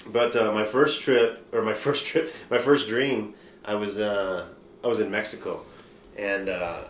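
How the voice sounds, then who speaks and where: A man hosting a podcast, telling a rambling, profane story in loose casual chat. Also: lowish voice. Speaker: podcast host. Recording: roomy room with faint noise.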